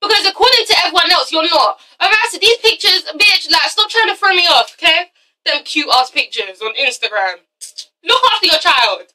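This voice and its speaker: A woman's voice: extremely high pitch, expressive, normal speed, pushed and bright, recorded from a distance, rough recording. A young woman vlogger giving a sassy, swearing review of a reality show episode, mimicking the people in it. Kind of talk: casual ranting review.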